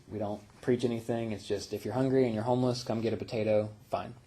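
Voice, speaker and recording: Mellow husky man telling stories. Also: lowish voice, steady tone, fast talker. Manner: reflective storytelling with fillers and soft laughs. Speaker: meditation teacher. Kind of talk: casual spiritual talk.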